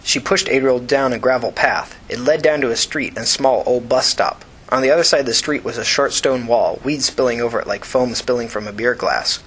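Male audiobook narrator, husky tone, even and measured delivery. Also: medium pitch, rough recording. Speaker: audiobook reader. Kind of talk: scripted narration of a novel.

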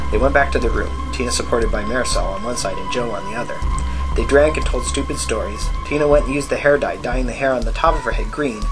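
A man reading a gritty novel aloud in a plain, even storytelling manner. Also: mid-range voice, rough recording. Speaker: audiobook narrator. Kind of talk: scripted narration.

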